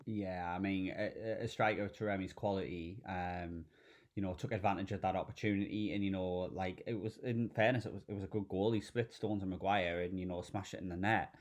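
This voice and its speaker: A man's voice: deep voice, fairly even intonation, fairly quick. A man hosting a casual football podcast, loose and full of fillers. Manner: filler-heavy, loose, asks questions. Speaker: podcast host.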